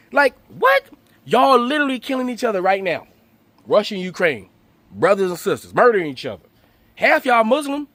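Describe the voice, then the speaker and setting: A man's voice: high voice, fairly bright tone, no echo. A man hosting his channel, delivering a profane, mocking comedic rant full of rhetorical questions. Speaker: channel host.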